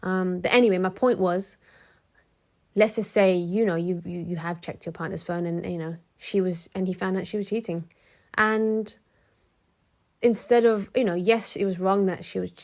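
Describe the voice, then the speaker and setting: A woman's voice: medium pitch, fairly even intonation, moderate pace. A woman vlogging to camera in a frank, chatty way, with many restarts, who acts out the people she quotes. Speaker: motivational vlogger. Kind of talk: casual talk to camera.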